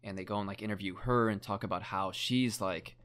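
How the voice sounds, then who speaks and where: A man's voice: lowish voice, fairly even intonation, brisk, fairly bright tone. A young man in casual chat, retelling a documentary story in a rambling way, full of "like" and casual swearing.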